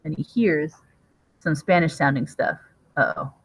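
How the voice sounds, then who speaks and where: A woman's voice: low voice, measured pace, breathy edge, poor audio. A woman teacher reading a graphic novel aloud to her class and explaining it as she guides the students through questions.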